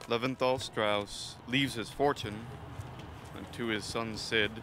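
A man playing a slow news announcer. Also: mid-range voice, fairly even intonation, a bit bright. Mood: announcing. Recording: noisy film soundtrack.

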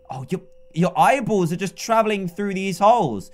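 A young British man in his twenties giving excitable, jokey let's-play commentary, talking to the characters as he plays. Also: high voice, normal speed, a little hiss or hum. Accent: British English. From England. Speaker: gaming YouTuber.

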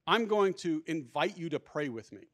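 Man, workshop speaker, slightly high voice, emphatic, conversational, restarts sentences, conference hall mic. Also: animated, normal speed, fairly bright tone. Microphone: handheld or lapel microphone.

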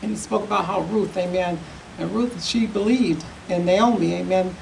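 A woman's voice: on the low side, normal speed, creaky, darkish tone, recorded from a distance, slight background noise, poor audio. A woman giving a church testimony who says amen after nearly every phrase.

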